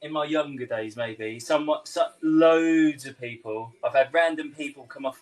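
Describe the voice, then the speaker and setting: This young man's voice sits on the high side and moves at normal speed, captured on a low-quality recording. A London-tinged English accent marks the chef as he chats, laughs often and takes viewer comments during a live cooking stream.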